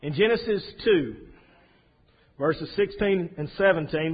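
Husky middle-aged preacher. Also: male voice, fairly high pitch. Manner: halting, with many fillers and restarts, soft and tender. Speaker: pastor. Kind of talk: sermon. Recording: dull lo-fi recording.

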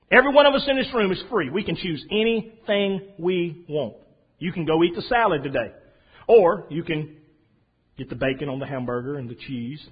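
Folksy preacher with a drawl. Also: male voice, sits high, slightly rough. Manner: folksy storytelling preacher, swings from soft to loud. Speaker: pastor. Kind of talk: sermon. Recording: dull lo-fi sound.

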